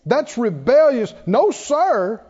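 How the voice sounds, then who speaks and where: A man's voice: very high voice, very animated, slow, darkish tone, husky. A man preaching a sermon to his congregation, calling for responses and laughing often. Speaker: pastor. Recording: dull echoey hall recording.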